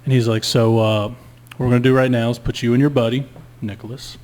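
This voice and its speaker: A man's voice: mid-range voice, level tone, fairly quick, a little mellow. A man telling a long story in casual podcast chat, laid-back and profane. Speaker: guest storyteller.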